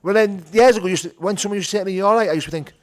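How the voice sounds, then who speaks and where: A fast-talking Northern English man whose voice sits high, he's a guest on a podcast. His storytelling is rapid, candid and conversational, dotted with plenty of "you know" and "do you know what I mean".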